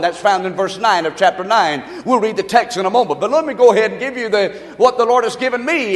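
A man's voice: high-pitched, a bit bright, in a large hall. A man preaching a sermon as pastor, telling a folksy story with emphatic delivery.

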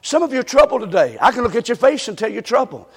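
A man preaching a sermon, fervent and repetitive, calling out to the congregation and often shouting. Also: very high-pitched, big pitch swings, fast talker, breathy edge. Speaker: pastor. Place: church sanctuary. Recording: long reverb of a church hall.

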